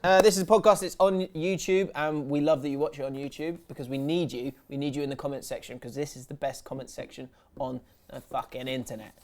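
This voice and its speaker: A man hosting a football podcast, chatty and teasing in quick casual banter. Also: a little high, fairly even intonation, a little mellow. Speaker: podcast host. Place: podcast studio.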